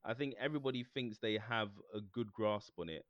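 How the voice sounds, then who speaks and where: Lively joking man on a podcast. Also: fairly low pitch, brisk, no echo, highs cut off. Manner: jokey, mimics people in silly voices, laughs often. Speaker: podcast co-host. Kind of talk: casual chat.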